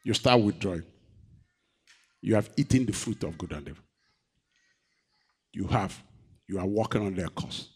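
A man preaching a sermon, reading scripture and asking the congregation questions, moving between loud, raised emphasis and quiet, low delivery. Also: animated, normal speed, long pauses, husky. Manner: asks the congregation rhetorical questions.

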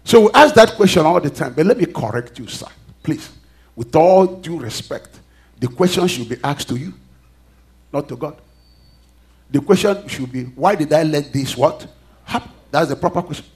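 Preacher, male, high-pitched, call-and-response delivery with sharp swings in volume. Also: animated, normal speed. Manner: call-and-response preaching, reads scripture aloud, swings loud and soft. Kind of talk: sermon.

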